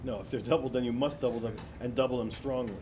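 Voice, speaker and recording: A man's voice: medium pitch, fairly even intonation, fast, crowd noise. A man coaching singers in a masterclass, explaining patiently and often restarting his sentences. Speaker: vocal coach. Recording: noisy room recording.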